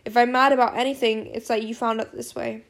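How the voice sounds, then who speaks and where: Woman doing a tender middle-aged dad, hushed, with a gravelly edge and little lilt. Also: fairly high pitch, level tone, a little fast. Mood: sad, gentle. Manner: soft, quiet and tender. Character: gentle, caring middle-aged father. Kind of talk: audiobook character voice.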